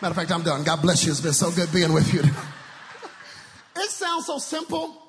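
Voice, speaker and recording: A male guest preacher from Dallas, Texas, preaching an energetic sermon with shouted, sing-song lines and call-and-response in a church. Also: a little high, moderate pace, in a large hall, a little hiss or hum. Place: large church sanctuary.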